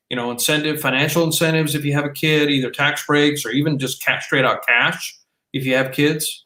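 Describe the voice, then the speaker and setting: A man's voice: mid-range voice, bright, forceful tone. Rambling man podcasting in an echoey room. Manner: rambling, with frequent restarts and filler. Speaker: podcast co-host. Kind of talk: casual conversational podcast. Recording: roomy echo.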